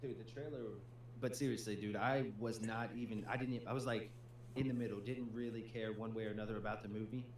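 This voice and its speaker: A man's voice: lowish voice, steady tone, quick pace. A man co-hosting a gaming stream, chatting casually and peppering his talk with "dude" and "man". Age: adult with a young child. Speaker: gaming channel co-host. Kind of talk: casual livestream chat. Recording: echoey room with faint hum.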